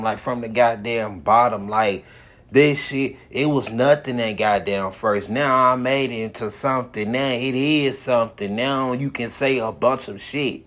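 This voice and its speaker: A man's voice: medium pitch, a bit bright. A man hosting his own podcast, giving a profane, repetitive motivational monologue with heavy swearing. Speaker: podcast host.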